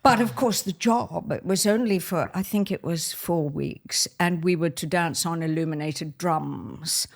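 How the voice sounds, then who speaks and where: An older woman from Australia, telling lively stories of her dancing career as a podcast guest and laughing as she goes. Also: lowish voice, unhurried, gravelly, few pauses. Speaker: guest, former ballet soloist. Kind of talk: anecdotal storytelling in conversation.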